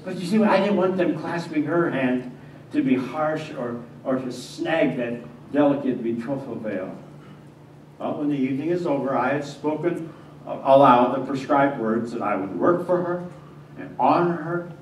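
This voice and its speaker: A male pastor playing a devout young carpenter, telling his story in the first person with stammers and swings between hushed and agitated moments. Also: medium pitch, normal speed, natural voice. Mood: earnest. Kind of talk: first-person dramatic monologue in a church. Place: church sanctuary. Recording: echoey church from a distance, faint hiss.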